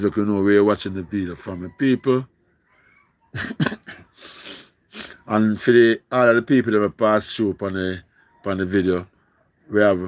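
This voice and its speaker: Jamaican man, live stream host, pleading, repetitive, singsong, lowish voice. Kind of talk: casual live-stream talk.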